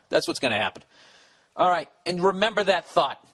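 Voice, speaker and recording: A man with a fairly high, somewhat bright voice speaks fairly quickly with big swings in pitch. On his comedy podcast he reads listener letters, tripping over them, and replies in a rambling, profane, blunt advice rant.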